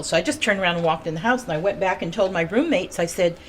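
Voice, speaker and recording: An American woman giving an eyewitness account to a reporter outdoors at a street scene, telling her story excitedly and acting out what people said. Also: mid-range voice, fast talker, hardly any pauses. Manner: excited storytelling, acts out quotes. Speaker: eyewitness neighbor. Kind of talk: on-scene news interview.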